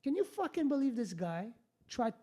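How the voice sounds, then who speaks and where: A man, hosting a podcast and telling a story in a casual, animated, blunt way, swearing freely and restarting sentences. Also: extremely high pitch, normal speed. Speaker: podcast host.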